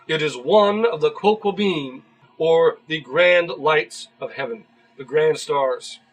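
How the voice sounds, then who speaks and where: A man's voice: on the high side, slow pace, low-quality recording. A man giving earnest solo commentary in a video, explaining and growing emphatic when he disagrees. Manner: earnest, gets worked up and emphatic. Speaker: YouTube commentator.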